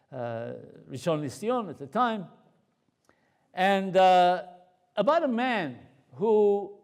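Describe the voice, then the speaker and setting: A man, a rabbi, giving a storytelling Torah lecture to a live audience in a conversational, animated way. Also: sits high.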